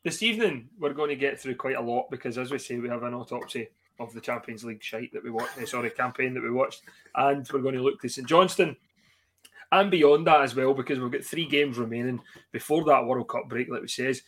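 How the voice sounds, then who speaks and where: A man's voice: medium pitch, a little fast, fairly bright tone. A Scottish man hosting a football fan podcast, swearing and joking as he introduces his guests over a video call. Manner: sweary, laughs a lot, jokey. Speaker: podcast host. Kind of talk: casual fan podcast chat.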